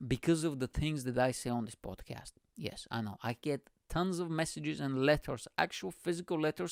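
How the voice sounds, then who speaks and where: A man's voice: fairly high pitch, fairly quick, vocal fry, darkish tone, no room sound, studio quality. A man hosting his own podcast, telling a crude, self-mocking comic story. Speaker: podcast host.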